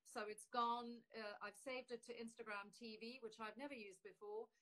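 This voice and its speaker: A woman's voice: a little high, fairly even intonation, bright, forceful tone, poor audio. Woman hosting a live interview. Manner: chatty, with halting restarts. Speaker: host. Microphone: live video call.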